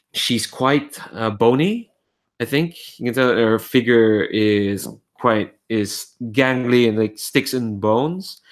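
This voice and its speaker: A man narrating a tabletop game as game master, describing scenes in a halting way with many fillers. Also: fairly low pitch.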